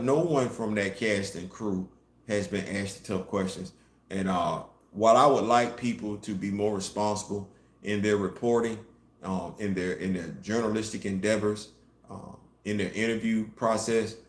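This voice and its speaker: A man's voice: on the low side, moderate pace. Emphatic man, roomy echo. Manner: animated, emphatic, rising to loud peaks. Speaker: host. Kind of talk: casual commentary show.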